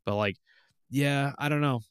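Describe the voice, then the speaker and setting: A man's voice: mid-range voice, a little slow, clear, resonant tone, no echo, studio quality. A young adult man co-hosting a casual gaming podcast, ranting and acting out game moments as he talks. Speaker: podcast co-host. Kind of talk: casual chat.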